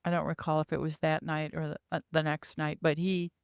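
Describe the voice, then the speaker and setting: Earnest woman with a smooth voice. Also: deep voice, little pitch movement, fairly quick, no echo, studio quality. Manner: earnest, vivid storytelling. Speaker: podcast guest. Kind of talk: recounting personal experiences.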